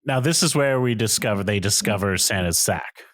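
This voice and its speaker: A man's voice: lowish voice, expressive, normal speed, fairly bright tone, no echo. A man chiming in on a movie podcast with short, chuckling remarks. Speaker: podcast guest. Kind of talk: casual movie discussion.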